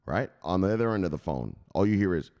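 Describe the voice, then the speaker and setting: A man's voice: low voice, quick pace, long reverb tail. A man hosting a crypto news channel, telling a comic story and acting out scenes. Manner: animated, acts out scenes, laughs at own jokes.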